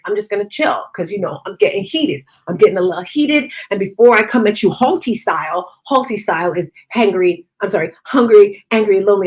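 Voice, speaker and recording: A middle-aged woman giving a casual motivational talk, expressive and chatty, acting out conversations as she goes. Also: mid-range voice. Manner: expressive, acts out quoted conversations. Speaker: motivational speaker and fitness studio owner.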